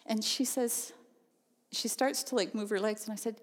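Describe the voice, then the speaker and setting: Woman, storyteller, animated and chatty, lots of laughs, long hall echo. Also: a little high, moderate pace. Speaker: speaker telling a personal story. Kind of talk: storytelling testimony. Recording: long reverb of a large hall.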